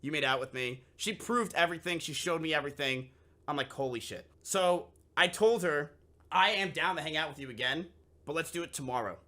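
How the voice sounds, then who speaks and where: A man's voice: on the high side, a little fast, sharp tone. A young man streamer telling a story casually to his live chat, swearing freely and acting out both sides of the conversation.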